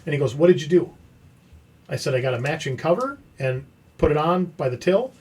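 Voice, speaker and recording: Husky man telling a lively story. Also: on the high side, a little fast. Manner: animated, acts out quoted dialogue. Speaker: podcast host. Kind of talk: casual storytelling chat.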